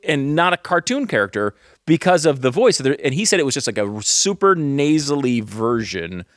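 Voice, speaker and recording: A man's voice: medium pitch, sing-song, moderate pace, dry recording, clean studio sound. A man co-hosting a casual podcast chat, talking in rambling, self-interrupting runs and often laughing. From Northeastern US. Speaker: co-host.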